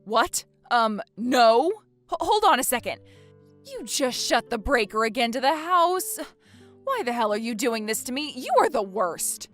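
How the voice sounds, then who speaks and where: A woman's voice: a little high, big pitch swings, measured pace, a bit bright, soft background music. A woman playing a fed-up, exasperated wife in a dramatized story, talking indignantly. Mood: frustrated.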